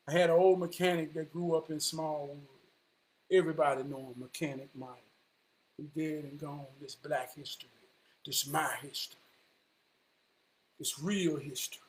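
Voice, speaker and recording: A man, telling a personal story in an animated, vernacular way. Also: a little high, normal speed, long pauses. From Charlotte, North Carolina. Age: 40s. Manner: animated, vernacular, quotes people in dialogue.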